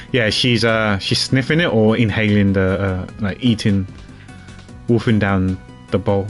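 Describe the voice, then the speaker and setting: A man's voice: on the low side, steady tone, unhurried, faint music behind. A man streaming a game, talking casually in a rambling way with stammers and restarts.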